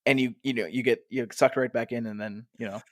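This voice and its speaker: A man co-hosting a podcast in casual chat, animated and quick to swear and laugh. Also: medium pitch, no echo, clean studio sound. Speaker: podcast co-host.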